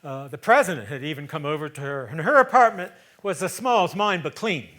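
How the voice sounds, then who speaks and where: A man in his seventies performing a theatrical storytelling monologue on a stage, conversational, moving between loud emphasis and hushed asides. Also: on the high side, expressive, fairly quick. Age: 70s.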